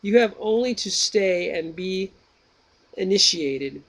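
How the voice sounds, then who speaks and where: A man voicing the philosopher Socrates, reading his questions slowly and deliberately. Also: high-pitched, animated, a bit bright, exaggerated voice. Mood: probing. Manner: slow, measured, drawn-out reading. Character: Socrates, old male Greek philosopher, patient questioner.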